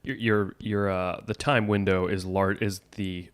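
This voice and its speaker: Deep-voiced man chiming in. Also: flat delivery, a little slow, smooth. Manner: agreeable, chimes in with restarts and summaries. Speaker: podcast co-host. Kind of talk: casual podcast chat.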